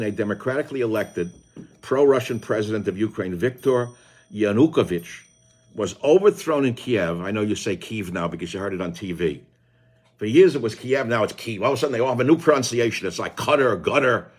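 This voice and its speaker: Hosting a radio talk show, an older man with a low voice delivers a combative, sarcastic political monologue that swings from low mutters to shouts.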